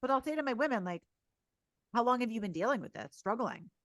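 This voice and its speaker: A woman talking as a podcast guest and coach, energetic and blunt, swearing casually in candid conversation. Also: a little high, fast talker, no room sound.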